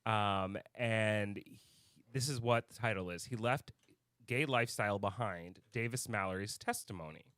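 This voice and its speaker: A man's voice: fairly low pitch, moderate pace, a bit bright, no room sound, studio quality. Heated, swearing male podcast co-host. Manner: heated, swears often, bursts of anger. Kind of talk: casual chat.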